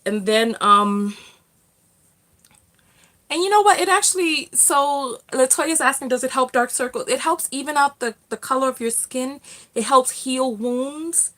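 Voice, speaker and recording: A middle-aged woman chats through a casual livestream, greeting viewers and answering their comments. Her voice sits a little high, and she talks in loose, friendly bursts with plenty of fillers and restarts. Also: measured pace. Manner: chatty and warm, frequent fillers and restarts. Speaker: livestream host, self-love coach.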